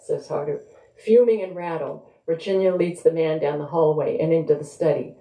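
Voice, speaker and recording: With a low, mellow voice at a moderate pace, a woman author thinks aloud in a conversational way while reading from her novel. The recording comes from a live bookstore event and carries a roomy echo.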